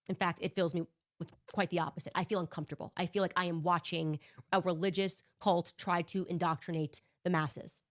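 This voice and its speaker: Female commentator, pointed and critical monologue delivery. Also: mid-range voice.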